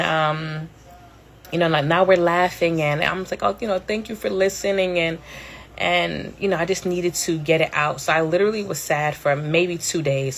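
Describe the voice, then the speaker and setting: A woman's voice: on the low side, gravelly, slight background noise. A woman in her thirties talking candidly and casually to a live audience, rambling with plenty of fillers and swearing. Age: 30s. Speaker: podcast host. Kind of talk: casual storytelling on a live stream.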